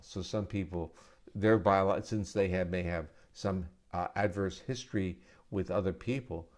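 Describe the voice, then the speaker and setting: A man with a notably low voice talks through ideas at a live question-and-answer session. He explains steadily, in a patient lecturing manner, as a guest speaker at an arts center event. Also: darkish tone.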